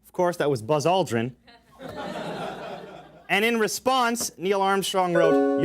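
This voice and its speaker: A young man with a high voice hosts a college comedy show, reading out gag texts and joking with the room. He talks casually with plenty of fillers. Music plays clearly behind him. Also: big pitch swings, slow, long pauses. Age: young adult. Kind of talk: stand-up style show hosting. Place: college studio with audience.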